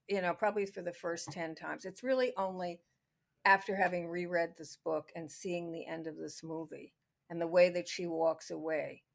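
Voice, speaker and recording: A woman's voice: lowish voice, gravelly. A woman co-hosting a podcast, talking through a classic film in a casual, thinking-aloud way with many restarts. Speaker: podcast co-host.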